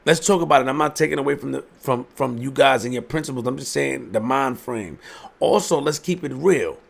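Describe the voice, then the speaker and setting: A man's voice: medium pitch, brisk, vocal fry. A man delivering an emphatic opinion monologue, preaching and firing rhetorical questions. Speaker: commentary host.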